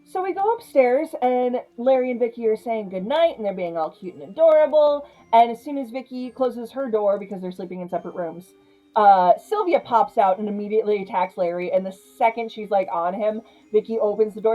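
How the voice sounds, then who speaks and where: A young woman casually recapping a horror comedy, chatty and animated, laughing often. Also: a little high, brisk, faint music behind, rough recording. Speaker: film reviewer.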